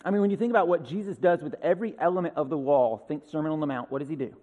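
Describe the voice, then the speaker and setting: A man's voice: on the high side, rapid-fire, big-room sound, narrow, tinny audio. A male pastor preaching a sermon in a conversational way, with asides and rhetorical questions.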